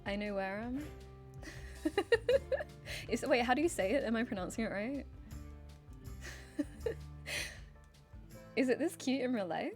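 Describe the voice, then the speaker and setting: A woman's voice: on the high side, very animated, slow, long pauses, faint music behind. Giggly, chatty woman streamer. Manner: chatty, giggly, many fillers like "like" and "um". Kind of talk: casual game livestream chat.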